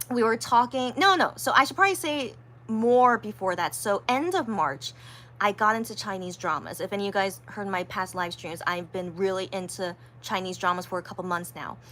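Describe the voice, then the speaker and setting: A woman chatting casually to her viewers, rambling through a story with lots of fillers and restarts, and acting out quotes in a higher voice. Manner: animated, acts out quotes in a higher voice. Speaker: livestreamer.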